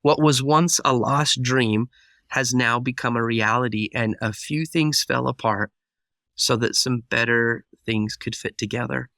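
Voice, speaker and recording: A man recounts a personal story as a podcast guest, playing out each exchange as he goes. His voice is bright and forceful, recorded close and dry on a studio mic. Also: medium pitch, measured pace, gravelly, no echo. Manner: vivid storyteller who acts out dialogue. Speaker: guest speaker.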